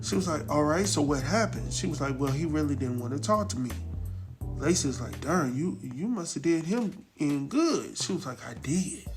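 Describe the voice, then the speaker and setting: A man hosting a casual episode recap, telling the story in a lively, slangy way and acting out the characters' lines. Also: high voice. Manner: slangy, laughs at his own jokes. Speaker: recap show host.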